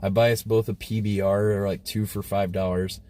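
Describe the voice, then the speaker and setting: Low-voiced man rambling a crude story. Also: level tone, normal speed, mellow. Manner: rambling and crude, heavy filler words. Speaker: livestream host. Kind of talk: casual storytelling to a live chat.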